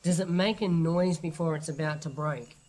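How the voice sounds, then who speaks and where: A man, hosting a podcast and explaining his methods in an animated way, thinking aloud through examples. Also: a little high, moderate pace. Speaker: podcast host. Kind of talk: casual podcast chat.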